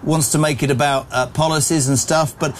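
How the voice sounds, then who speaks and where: Brash northern breakfast radio host. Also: male voice, a little high, steady tone, brisk, a little hiss or hum. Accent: Northern English. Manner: brash, chatty, opinionated. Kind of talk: live talk radio.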